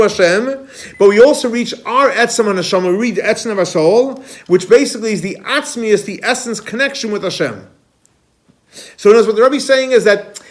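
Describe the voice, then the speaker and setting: High-voiced rabbi teaching a class. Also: male voice. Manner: animated, asks the class questions and repeats key phrases. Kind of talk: classroom lecture.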